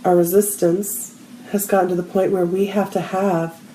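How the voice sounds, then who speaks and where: A woman shares a personal spiritual story in a relaxed group conversation. She throws herself into the quoted lines. The room around her is echoey. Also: lowish voice, moderate pace, slight background noise. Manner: animated storyteller acting out quotes. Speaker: spiritual healer and co-host. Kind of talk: storytelling in a casual group talk.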